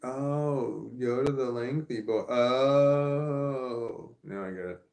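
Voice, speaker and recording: A man's voice: mid-range voice, takes it slowly, gravelly, darkish tone, reverberant. A man in his forties chatting casually on a livestream, rambling and candid as he thinks aloud. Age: 40s. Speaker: streamer.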